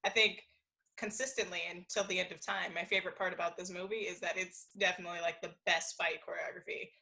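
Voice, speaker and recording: A woman co-hosting a casual chat podcast over a remote video call, animated and quick to laugh. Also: on the low side, poor audio. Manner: animated, enthusiastic, laughs often. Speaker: podcast co-host.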